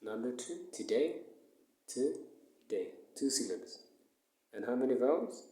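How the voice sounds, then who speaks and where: A male English teacher giving a recorded lesson, who explains slowly, repeats words and counts syllables aloud. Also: mid-range voice, animated, dark tone. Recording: echoey room.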